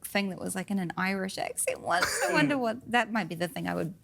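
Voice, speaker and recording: A woman's voice: medium pitch, animated, fast, creaky, a bit bright. Self-deprecating woman with a New Zealand accent. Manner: self-deprecating, laughing easily. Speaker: actor guest at a roundtable. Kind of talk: casual roundtable conversation.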